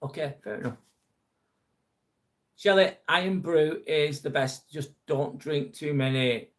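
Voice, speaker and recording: A man's voice: a little high, measured pace. Blunt, chatty man. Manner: chatty, blunt, swears freely. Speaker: livestream host reading viewer chat. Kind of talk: casual live chat.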